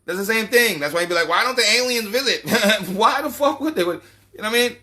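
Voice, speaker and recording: A man's voice: sits high, animated, fairly quick, sharp tone. A man giving a casual, profane monologue as a channel host, ranting animatedly and laughing often.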